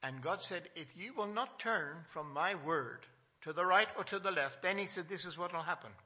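A male pastor preaching a Sunday sermon to his small congregation, reading scripture with emphasis and asking questions, swinging from loud to soft. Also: high voice, expressive, normal speed.

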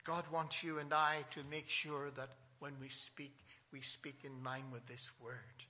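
A male pastor preaching a Sunday sermon to his small congregation, reading scripture with emphasis and asking questions, swinging from loud to soft. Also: medium pitch, flat delivery, measured pace.

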